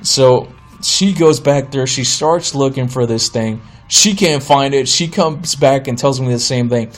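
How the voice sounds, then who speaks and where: A man in his thirties hosting a podcast, telling a comedic story in an exasperated, animated way and mimicking the people in it. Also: mid-range voice, moderate pace, few pauses, soft background music. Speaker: podcast host.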